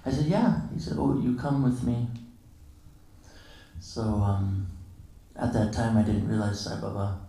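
A man's voice: on the low side, measured pace, dark tone. A man giving a casual, anecdotal morning lecture at a temple, acting out the dialogue of his stories with chuckles. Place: temple hall. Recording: very echoey hall, distant mic.

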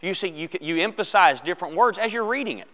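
A man's voice: high-pitched, lively intonation, fast talker, a bit bright. A man teaching a church Bible class. He reads scripture aloud and chats casually with the class, asking them questions. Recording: long church hall reverb.

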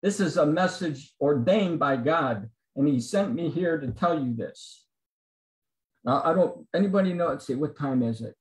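A man's voice: on the high side, expressive, normal speed, a little mellow, echoey room, poor audio. A man telling his personal testimony to a Bible study group on a video call. He acts out the dialogue of the people in his story. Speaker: guest giving a testimony at a men's Bible study. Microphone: computer mic on a video call.

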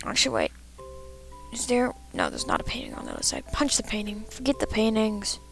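A woman's voice: mid-range voice, huge pitch swings, a little fast, vocal fry, a bit bright, soft background music. A woman giving let's play commentary, talking to herself with frequent frustrated outbursts as she plays. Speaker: gamer.

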